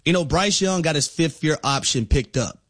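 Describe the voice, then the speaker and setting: Sports radio co-host guy, a bit higher voice, breaks down the games calmly. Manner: measured analysis, repeats words for emphasis.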